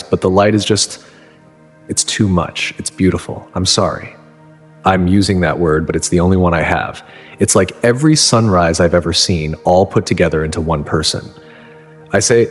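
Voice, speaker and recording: A man in his thirties from Texas, telling his own story in first person, earnest and halting, often breaking off and restarting. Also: low voice. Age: 30s. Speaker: narrator. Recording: long reverb with music underneath.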